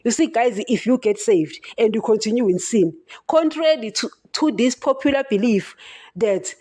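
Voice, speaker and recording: On a podcast, a woman delivers an impassioned, emphatic sermon, repeatedly calling out to her listeners as "guys." Her voice is on the high side with a dark tone, and she speaks at a normal speed.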